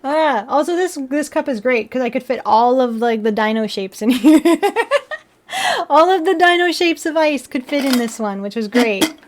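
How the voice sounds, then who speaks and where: A woman's voice: sits high, expressive, normal speed, few pauses, a little hiss or hum. A woman hosting a livestream while building a model kit, chatting casually, answering viewers and laughing often. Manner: chatty, giggly, answers chat.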